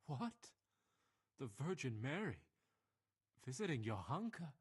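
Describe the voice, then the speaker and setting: Sick bedridden friend, video game, faint, tired, husky. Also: male voice, mid-range voice, sing-song, slow pace, heavily acted. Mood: surprised. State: weak from illness. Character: bedridden feverish man, loyal friend.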